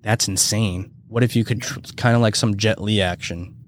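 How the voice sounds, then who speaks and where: Male podcast co-host, low voice, loose rambling casual chat, swears freely. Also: fairly even intonation, normal speed, a little hiss or hum. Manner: rambling, heavy use of "like" and swearing.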